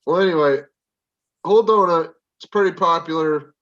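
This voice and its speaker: New guy, higher voice, loose rambling storyteller, muffled call sound. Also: normal speed, a bit bright. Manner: rambling, fillers like "freaking". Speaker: friend in group call. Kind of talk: casual chat. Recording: dull lo-fi call audio.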